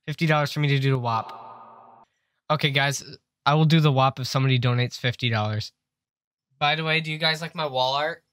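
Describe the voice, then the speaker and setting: Playing a horror game on a casual livestream, a young streamer jokes and chats with his viewers, swears plenty, and startles when scared. His mid-range, slightly bright voice is fairly quick with long pauses, captured at studio quality through a desk mic with no room sound.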